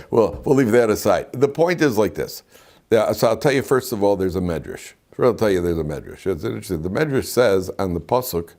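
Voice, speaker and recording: In a lowish, darkish voice, an older rabbi teaches students an informal Torah class in a classroom. He speaks conversationally, often circling back to restart and slipping in side remarks.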